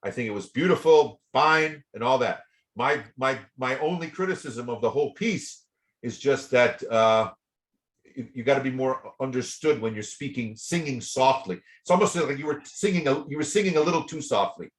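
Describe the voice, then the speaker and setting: A man's voice: mid-range voice, moderate pace. A man teaching a voice lesson, giving chatty feedback full of repeated words and small sung and spoken demonstrations. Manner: chatty, repeats words, demonstrates by singing and speaking softly and loudly. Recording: roomy echo.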